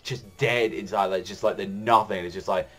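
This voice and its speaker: A man with a fairly low voice talks through a manga chapter in a loose, excited ramble. He leans on fillers and swears freely as he recaps. Faint music runs quietly behind him. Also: normal speed. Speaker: anime and manga reviewer. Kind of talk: casual chapter review.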